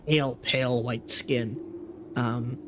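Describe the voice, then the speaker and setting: A man running a tabletop game as game master, describing scenes in a halting way with many ums and restarts. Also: mid-range voice, fairly even intonation, fairly bright tone, slight background noise.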